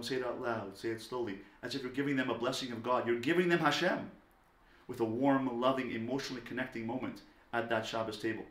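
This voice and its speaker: A man giving a lecture on parenting, talking emphatically and swinging between loud stressed words and soft low asides. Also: steady tone, fast. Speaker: parenting teacher. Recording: echoey room.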